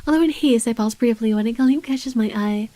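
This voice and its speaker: A woman's voice: fairly high pitch, fairly quick, mellow, dry recording, lightly acted. Luke: a woman reading as a sardonic rich man. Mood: irritated. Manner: dry, sardonic first-person narration. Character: irritable wealthy man with guards and a gun. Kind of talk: reading a visual novel aloud.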